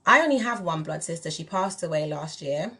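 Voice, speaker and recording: A woman's voice: low voice, expressive, brisk, bright, forceful tone. A woman from England, a spiritual teacher talking candidly and emphatically straight to her viewers. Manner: direct, emphatic, addresses viewers as "you lot". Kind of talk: candid monologue to camera.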